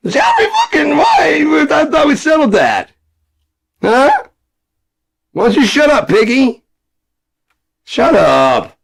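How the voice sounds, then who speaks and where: A man mocking a blustering, boastful older politician with a profane, shouting delivery. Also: very high voice, wildly swooping pitch, slow pace, vocal fry, pauses often, pitched above the performer's own voice, exaggerated voice, poor audio.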